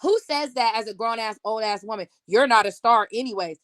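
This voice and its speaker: A woman's voice: a little high, a little fast, fairly bright tone, no echo. A woman in her thirties, a podcast guest, talking bluntly and profanely as she tells a heated story in casual chat.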